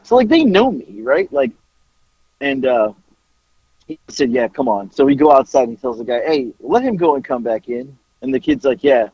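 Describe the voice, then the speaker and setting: Loud, profane man in his forties. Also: medium pitch, moderate pace, husky, dry recording, lo-fi sound. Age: 40s. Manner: loud, profane, animated storyteller. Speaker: podcast co-host. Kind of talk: casual storytelling chat.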